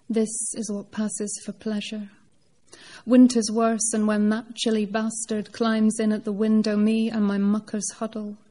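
Woman reading as a tired old unicorn guy, slow and steady, flat mellow voice. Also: mid-range voice, close to an everyday voice. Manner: measured poetry recitation. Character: old male unicorn, weary labourer, gruff. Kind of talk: performed poetry reading.

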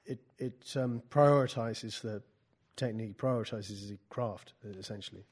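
A man leading a poetry class talks in halting bursts, often restarting and repeating words, and drops dry, wry asides. He moves between loose teaching talk and reading aloud from his own book. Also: on the low side, darkish tone, slightly rough.

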